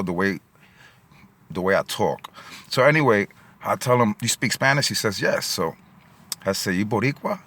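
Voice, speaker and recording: Vlogging in and around his car at a gas station, a middle-aged New Yorker tells a story in a low-leaning, somewhat bright voice. It's casual and rambling, full of fillers, and he grows emotional as he goes.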